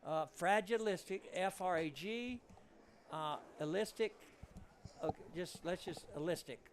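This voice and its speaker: High-voiced joking man. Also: measured pace, background noise. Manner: chatty, joking storyteller. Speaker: pool commentator. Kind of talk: casual booth commentary. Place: commentary booth at a pool hall.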